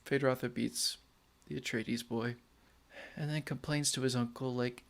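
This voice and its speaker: A man's voice: mid-range voice, fairly even intonation, normal speed, gravelly. A man co-hosting a casual movie-review podcast, giggling often as he eagerly explains the lore. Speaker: podcast co-host.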